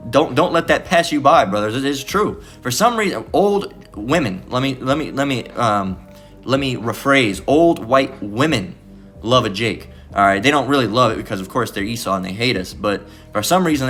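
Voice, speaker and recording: Guy preaching off the cuff, lots of restarts and "all right?", soft guitar playing under him. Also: medium pitch. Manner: rambling, restarts, repeated "all right?" tags. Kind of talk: informal bible teaching.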